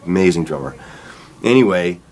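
Man, middle-aged, deep voice, rambling relaxed storytelling, guitarist interview. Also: moderate pace, slight background noise. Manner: relaxed, rambling, acts out quotes with laughs. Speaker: rock guitarist telling his career story.

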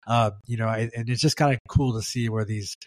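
A man hosting a casual podcast chat, easygoing and quick to laugh, asking loose, rambling questions. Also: mid-range voice, steady tone, no room sound. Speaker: podcast host.

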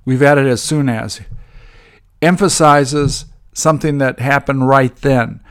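A man teaching English grammar, walking through example sentences in a measured way with frequent ums. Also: medium pitch, fairly even intonation, clear, resonant tone.

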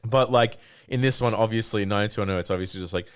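A man's voice: fairly low pitch, fast, clean tone. A man co-hosting a podcast in casual chat, rambling, swearing a lot and laughing often. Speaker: podcast co-host.

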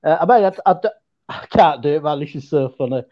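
A man's voice: on the high side, animated, quick pace, muffled recording. An English man from Yorkshire with a Yorkshire accent, a guest in casual chat who laughs often and stammers through restarts. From England.

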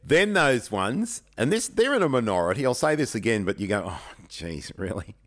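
A man's voice: medium pitch, brisk. Frank middle-aged man. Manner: animated storyteller, frank, colloquial. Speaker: podcast co-host and teacher. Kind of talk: casual chat.

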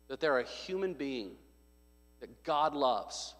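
A man's voice: mid-range voice, expressive, slow pace. A man preaching a sermon as a pastor, earnest and given to emphatic repetition. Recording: long hall reverb.

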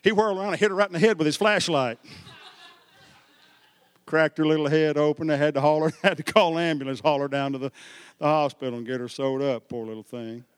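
High-voiced animated preacher. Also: male voice, fast talker, smooth, no echo, long reverb tail. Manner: animated storytelling preacher, swings from hushed to shouting. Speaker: pastor. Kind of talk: sermon.

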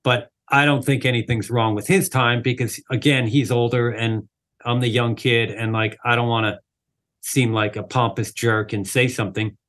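A man's voice: mid-range voice, normal speed. A man, a drummer, guest on an interview, telling a casual story with lots of "like" and "you know" fillers. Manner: animated, acts out quoted people in the story.

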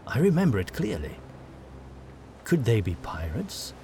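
A man doing a quiet, wary young initiate. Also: mid-range voice, wildly swooping pitch, unhurried, slight background noise.

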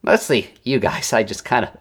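A man's voice: lowish voice, normal speed, fairly bright tone, husky. A man playing a tabletop game, modest and hesitant, with many fillers. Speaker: player. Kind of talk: casual tabletop play chat.

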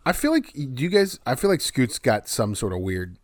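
A man's voice: medium pitch, very animated, moderate pace, no echo. A man co-hosting a casual podcast chat, rambling with many false starts. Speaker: podcast co-host.

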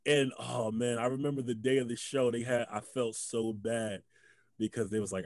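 A young man, a guest comedian, telling a story in a casual chat, animated, laughing often and acting out the voices he quotes. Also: medium pitch, moderate pace, no room sound.

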